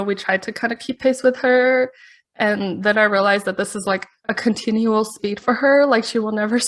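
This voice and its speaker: A woman's voice: medium pitch, fairly bright tone. A woman podcast host telling a story in a chatty, casual way, laughing often between her sentences.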